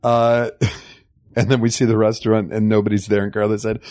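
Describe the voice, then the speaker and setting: A man's voice: on the low side, little pitch movement, moderate pace, a little mellow, no echo, studio quality. A man co-hosting a podcast, casually recapping scenes of a film with a chuckle. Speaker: podcast co-host.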